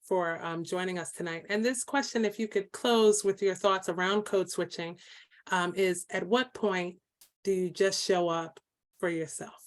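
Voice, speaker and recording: A woman moderating a panel discussion, reading audience questions aloud in a measured way. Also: lowish voice, fairly even intonation.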